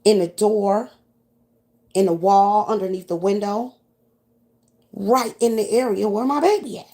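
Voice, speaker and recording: A woman from New York with a New York accent, telling a profane story to her audience in a casual, animated way. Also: medium pitch, a little slow.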